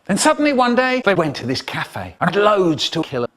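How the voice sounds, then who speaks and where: A man telling a children's story in a lively, expressive way, with spoken sound effects and stuttering repeats from a chopped-up comedy remix. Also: high-pitched, normal speed.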